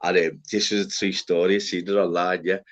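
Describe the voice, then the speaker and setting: A man's voice: low-pitched, level tone, brisk. A man chatting casually on a live stream panel, rambling and swearing, full of "innit" and "lad". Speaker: livestream host. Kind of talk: casual chat. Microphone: live stream panel, online call. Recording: muffled lo-fi stream audio.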